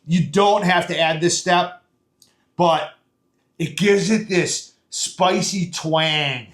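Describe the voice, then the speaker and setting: Give me a chatty man walking through a recipe in his kitchen, fairly high voice, echo off the walls. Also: fairly even intonation, slow pace. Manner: chatty, folksy, lots of fillers. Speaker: home cooking show host. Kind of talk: casual step-by-step cooking demo. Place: home kitchen.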